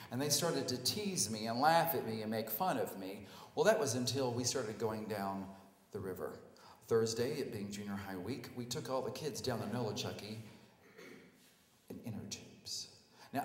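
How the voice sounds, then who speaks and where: A man telling a personal story live on stage, animated and self-mocking, acting out the scenes. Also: medium pitch. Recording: echoey hall, live stage.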